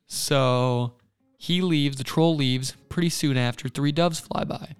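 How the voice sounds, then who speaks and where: A man's voice: mid-range voice, clean tone. A man co-hosting a podcast, retelling a folk tale in a laid-back, rambling casual way. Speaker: podcast co-host. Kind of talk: casual storytelling.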